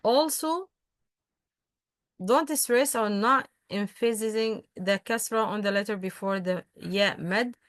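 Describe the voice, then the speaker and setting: A woman whose first language is Arabic teaching a recitation lesson, patient, slowly repeating example words with frequent hesitations. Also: mid-range voice, a bit bright, dry recording. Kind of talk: online tajweed lesson.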